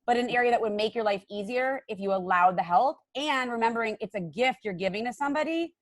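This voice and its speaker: A middle-aged woman hosting a casual recovery podcast, chatty and animated as she tells stories. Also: fairly high pitch, fast talker, no room sound, clean studio sound. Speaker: podcast host and sponsor.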